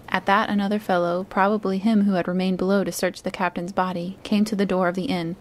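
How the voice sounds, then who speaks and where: Calm woman reading a classic aloud. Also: mid-range voice, brisk. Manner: calm, soothing. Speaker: storybook reader. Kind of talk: calm read-aloud narration.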